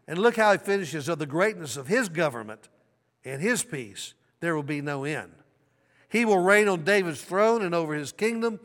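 A man's voice: fairly high pitch, fairly bright tone. A middle-aged man from the American South preaching a sermon, telling stories and drawing call-and-response from the congregation. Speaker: pastor. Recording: long hall reverb.

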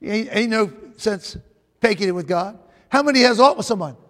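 A man preaching a sermon, often repeating phrases, calling out to his congregation for a response, and rising to shouts at the peaks. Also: high-pitched, expressive, moderate pace. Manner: rises to shouting at climaxes. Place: church sanctuary. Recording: long reverb of a large hall.

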